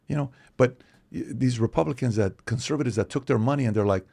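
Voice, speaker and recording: A man from Iran, a podcast guest in casual conversation, talking in an animated, emphatic way. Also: mid-range voice, quick pace, vocal fry, breathy edge. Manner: animated, emphatic, acts out other people's voices.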